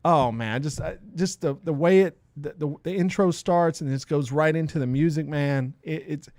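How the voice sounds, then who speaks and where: A middle-aged man co-hosting a podcast in casual chat, emphatic and quick to laugh. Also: a little high, a little mellow, no room sound, studio quality. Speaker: podcast co-host.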